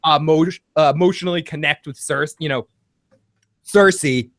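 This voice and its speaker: A man hosting a live recap show, excitable and profane, laughing often as he talks. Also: fairly high pitch, moderate pace, no echo, clean studio sound. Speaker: podcast host.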